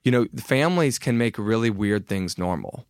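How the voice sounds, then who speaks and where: A man's voice: fairly low pitch, expressive, normal speed, smooth, no echo, studio quality. A man in his thirties, a guest author talking candidly and self-deprecatingly in a casual podcast conversation, often restarting his sentences.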